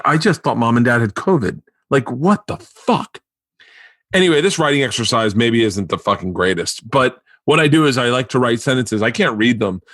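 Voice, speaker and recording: A man hosting a podcast in casual chat, telling rambling, profane, excitable stories into a studio mic. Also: medium pitch, no echo. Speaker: podcast host.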